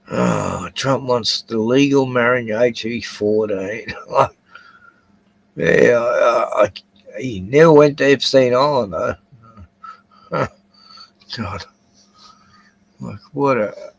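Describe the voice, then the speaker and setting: Slow, gravelly older Australian man. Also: mid-range voice, no room sound, poor audio. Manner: rambling, swears freely, drifts between topics. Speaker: livestream host. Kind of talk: casual solo livestream chat.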